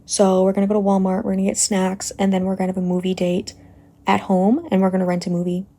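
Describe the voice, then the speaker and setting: A woman's voice: medium pitch, fast talker. Chatty young woman vlogging at home. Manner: chatty and excitable, talks to her viewers. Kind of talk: casual vlog chat.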